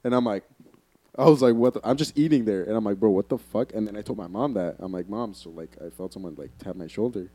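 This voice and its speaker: A man's voice: on the low side, fast talker, warm tone, no echo. A young man telling a ghost story in casual chat, rambling with many fillers and swearing as he goes. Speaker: podcast co-host.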